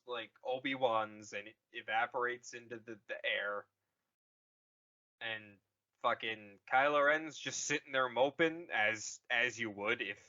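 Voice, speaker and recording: Podcast co-host, rambling comic recap, slow, bright voice, dull lo-fi sound. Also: male voice, mid-range voice. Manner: rambling, jokey, swears. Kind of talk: casual film recap. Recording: dull lo-fi audio.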